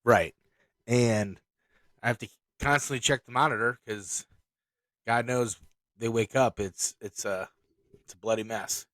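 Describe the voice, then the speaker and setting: A man's voice: medium pitch, measured pace, pauses often, a bit bright, dry recording. A man co-hosting a podcast, chatting casually, laughing easily and asking eager questions. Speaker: podcast co-host. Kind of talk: casual chat.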